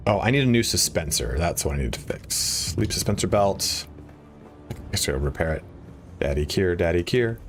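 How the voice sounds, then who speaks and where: Excitable swearing man streaming a game. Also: normal speed, faint music behind. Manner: excitable, swearing, pitch jumps up high when worked up. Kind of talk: casual live-stream chat.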